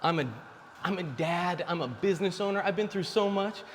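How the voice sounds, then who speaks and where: With a high, brisk voice, a man in his forties delivers frank dating advice to men, preaching casually into the camera. The audio carries a big-room sound and a little hiss or hum.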